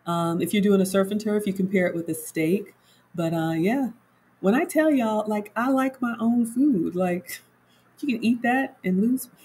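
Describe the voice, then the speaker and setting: A woman's voice: medium pitch, moderate pace, darkish tone, breathy edge, poor audio. A woman home cook chatting casually on a livestream, walking viewers through her cooking and reading their comments aloud.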